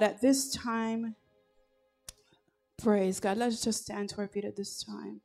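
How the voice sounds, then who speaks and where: A woman leading worship at a church service, speaking deliberately with fervent calls to praise. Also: mid-range voice, darkish tone. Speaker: worship leader.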